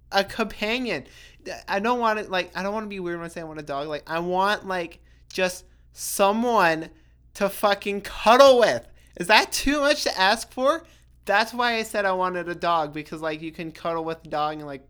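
Young woman rambling on her podcast, kinda low voice, swears a lot, says like constantly. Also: a bit bright. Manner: chatty, swears freely, self-interrupting with lots of "like". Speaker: podcast host. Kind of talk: casual solo podcast monologue.

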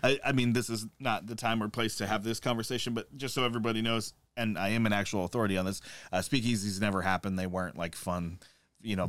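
A man's voice: deep voice, fairly bright tone, dry recording. Joking, swearing man in casual chat. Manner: joking, swearing, rambling asides. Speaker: podcast co-host.

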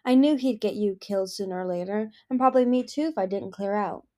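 A woman's voice: mid-range voice, fast, mellow, close to an everyday voice. Woman doing a curt, acerbic she-dragon sister. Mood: snapping. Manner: snappish, acerbic. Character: sharp-tongued, cold older sister dragon, female.

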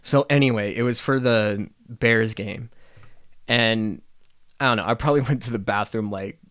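A man's voice: fairly low pitch, moderate pace, fairly bright tone, clear, resonant tone, no echo, studio quality. A young man hosting a casual solo podcast, rambling and swearing freely and laughing at his own stories. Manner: rambling, profane, laughs often. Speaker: podcast host.

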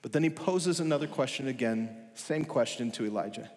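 A man's voice: medium pitch, lively intonation, brisk, darkish tone. A male pastor preaching a sermon, talking with emphasis and building his points through rhetorical questions. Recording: long hall reverb.

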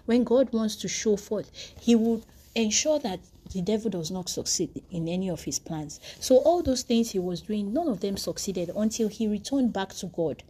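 A woman's voice: mid-range voice, expressive, moderate pace, dark tone, slightly rough. A woman preaching a devotional sermon, telling stories earnestly and often restarting her sentences. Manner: earnest storytelling with frequent restarts.

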